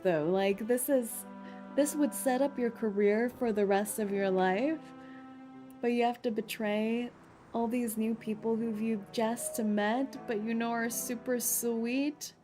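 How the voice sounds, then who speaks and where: A playful woman streamer talking through a game. Her voice is high and unhurried, and she reads the story text aloud between giggly chatter with her viewers. Soft game music plays faintly underneath. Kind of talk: game playthrough commentary.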